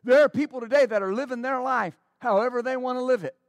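Male pastor, very high voice, fervent sermon delivery with restarts, dry close recording. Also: quick pace, dry recording. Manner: fervent, exclaiming praise, stammering restarts.

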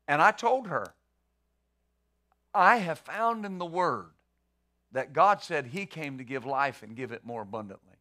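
Middle-aged male pastor, bright and forceful, a bit high, talks his sermon like a chat and repeats words. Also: expressive, unhurried, pauses often. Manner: conversational preaching with rhetorical questions.

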